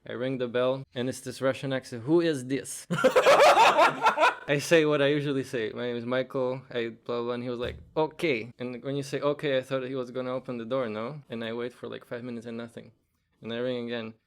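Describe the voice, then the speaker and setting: A young man, a podcast guest, telling stories in a relaxed, casual way full of "like" and "bro". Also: mid-range voice, fast, clean tone. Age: young adult. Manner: relaxed, says "bro" and "like" a lot. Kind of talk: casual storytelling.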